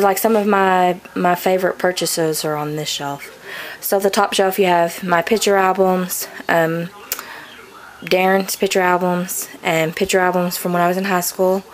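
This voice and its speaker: A woman's voice: medium pitch, a little hiss or hum. A young adult woman giving a casual, rambling bookshelf tour in her home studio, full of ums and likes, recorded on a camcorder. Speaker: vlogger. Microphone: camcorder mic.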